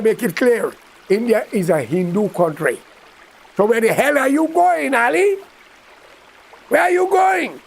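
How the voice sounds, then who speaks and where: A man's voice: high voice, gravelly. A Guyanese man giving a combative, scolding political rant aimed straight at a leader, in creole-flavored speech. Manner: combative, scolding, speaks straight at his target in creole grammar. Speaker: political commentator. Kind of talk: direct-to-camera political rant.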